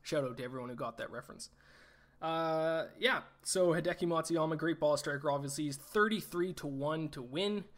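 A man's voice: on the high side, fairly bright tone. A man hosting a casual sports betting show, reeling off stats and picks in a chatty, self-deprecating way. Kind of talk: casual betting podcast talk.

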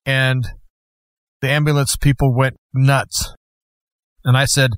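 A man's voice: mid-range voice, little pitch movement, slow pace, long pauses, no room sound. A middle-aged man recounts a personal testimony as a guest host. His delivery is plainspoken, with touches of dry humor. The recording is dry and close, with no room sound.

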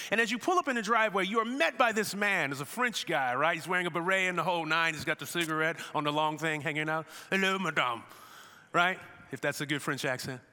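A man preaching a sermon as a pastor, telling a vivid, animated story to make his point. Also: high-pitched, in a large hall.

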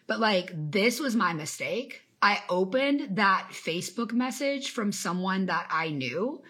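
Speaking on a live stream, this woman in her thirties, a business coach who also hosts a podcast, greets viewers by name while delivering a forceful, faith-filled motivational talk. Her mid-range voice is husky yet bright, animated and unhurried.

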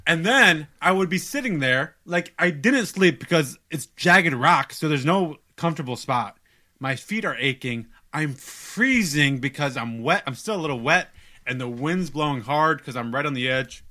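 Young man, podcast storyteller, brighter tone, a bit high, animated and self-mocking. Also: moderate pace. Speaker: podcast co-host telling a story. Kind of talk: casual storytelling.

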